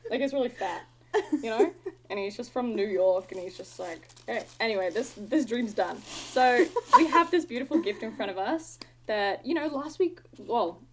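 A woman's voice: fairly high pitch, expressive, moderate pace, a little hiss or hum. An Australian woman in her twenties co-hosting a podcast, chatty and giggly, rambling with lots of "like". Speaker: podcast co-host. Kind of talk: casual chat.

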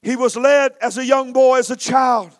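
A man's voice: very high-pitched, fairly even intonation, normal speed, faint music behind. A man preaching a storytelling sermon with a dramatic, emphatic delivery.

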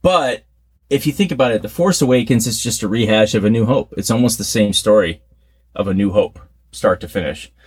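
A man's voice: fairly quick, slightly rough. A man co-hosting a podcast, chatting casually and poking fun at himself. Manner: chatty, self-mocking, animated swings in pitch. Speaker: podcast co-host.

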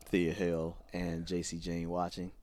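A man's voice: low voice, monotone, unhurried, a little mellow. A man co-hosting a podcast, recapping wrestling shows in casual chat and acting out quoted lines. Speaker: podcast co-host.

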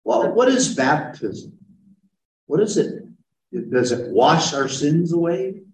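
Pastor guy teaching bible study, unhurried, mic kinda far off in a roomy space. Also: on the high side, sing-song, slight background noise. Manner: unhurried, explanatory, takes questions from a group.

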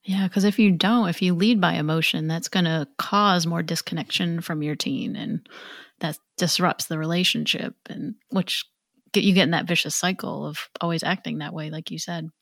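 A woman's voice: lowish voice, steady tone, normal speed, fairly bright tone, no echo, clean studio sound. A woman hosting a podcast interview, asking questions and giving brief affirming replies. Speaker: podcast host.

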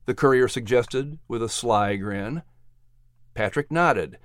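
An audiobook narrator reading a children's historical story in an expressive, scripted storybook style. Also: medium pitch, a little slow, dry recording, studio quality.

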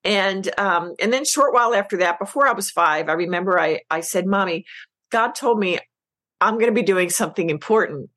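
A middle-aged woman, a business coach, telling her story as a podcast guest, emotional and animated, acting out quoted lines. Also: mid-range voice, fairly quick. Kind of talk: casual interview chat.

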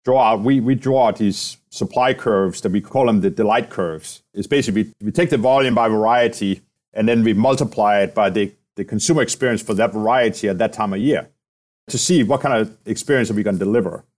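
A man's voice: lowish voice, brisk, a little mellow. A man being interviewed as a company president, explaining at length and often ending his points with "right?" or "okay?". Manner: explanatory, often ends points with tag questions. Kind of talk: conversational interview.

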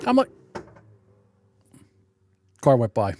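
A man's voice: high-pitched, very animated, a little slow, a little hiss or hum. A man hosting his own podcast, ranting in a sarcastic, indignant way and laughing often. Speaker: podcast host. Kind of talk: solo podcast livestream rant.

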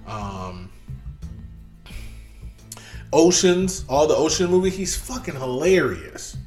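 A man chatting casually about movies in an animated, profane way, acting out scenes as he retells them. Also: on the high side, normal speed, faint music behind.

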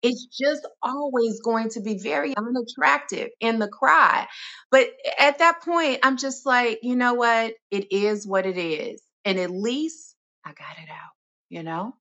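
A woman speaking as a self-love expert in a podcast interview, expressive and animated, sometimes dropping to a soft reflective tone. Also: fairly high pitch, unhurried, dull audio. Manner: animated and expressive, acting out inner voices with laughs.

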